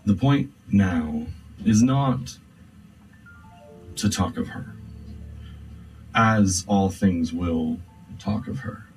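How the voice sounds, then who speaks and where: A man voicing a tall, thin, spider-like veiled being of no clear sex, speaking slowly and cryptically in a tabletop game. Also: low voice, expressive, full character voice. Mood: cryptic. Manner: slow, solemn and cryptic. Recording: distant mic with faint music.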